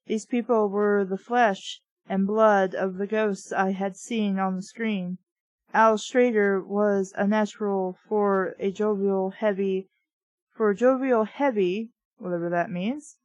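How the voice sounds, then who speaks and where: A woman's voice: medium pitch, no room sound, lo-fi sound. Woman reading aloud with wry asides. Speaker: book reviewer reading aloud. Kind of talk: reading aloud with comic commentary.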